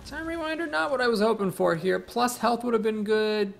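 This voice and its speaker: Gravelly man thinking aloud over gameplay. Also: sits high, normal speed, a little hiss or hum. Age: young adult. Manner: thinks aloud, weighs plays, self-corrects. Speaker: streamer playing a card game. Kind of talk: live gameplay commentary.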